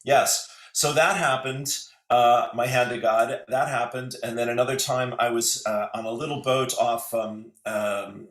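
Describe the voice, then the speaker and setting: A man talks in a relaxed, meandering way, full of "um" and "uh" and restarted phrases. His voice sits at an ordinary middle pitch. It sounds like an online call picked up in a room with a noticeable echo. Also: a little slow, few pauses. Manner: rambling, hesitant, with many fillers and restarts. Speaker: guest. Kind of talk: casual spiritual conversation. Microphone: video call.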